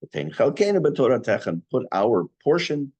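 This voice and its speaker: A man teaching an online class on prayer, reading Hebrew phrases and explaining them in English with a lively teacher's delivery. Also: mid-range voice, normal speed, highs cut off. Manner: lively teacher's delivery, rising on key words.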